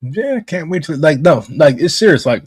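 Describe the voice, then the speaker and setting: Blunt, husky-voiced American man ranting. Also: a little high, animated, moderate pace, no room sound, clean studio sound. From United States. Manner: blunt, profane, heated rants. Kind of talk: casual political chat.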